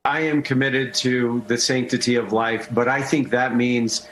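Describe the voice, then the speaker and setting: A man's voice: mid-range voice, fairly even intonation, unhurried, fairly bright tone, a little hiss or hum, low-quality recording. A man, a political candidate, answering interview questions hesitantly and repeating his words.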